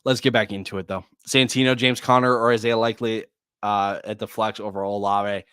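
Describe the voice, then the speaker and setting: A man hosting a live fantasy football Q&A, reading viewer questions and giving quick start-or-sit answers, with frequent sighs. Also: fairly low pitch, level tone, fairly bright tone, clear, resonant tone, no echo, studio quality. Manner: rapid answers, reads viewer names and questions; distracted, sighs often. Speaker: fantasy football podcast host.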